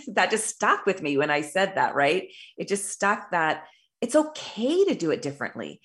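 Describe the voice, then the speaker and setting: A woman's voice: sits low, a bit bright. A middle-aged woman talking as an intuitive business coach, earnest and rambling, with frequent restarts and tag questions. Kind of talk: casual monologue.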